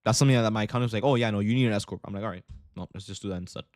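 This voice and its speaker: A man's voice: fairly low pitch, very fast, darkish tone, no echo, clean studio sound. A young man hosting a livestream, telling a rambling casual story and saying bro a lot. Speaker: livestream host, day trader.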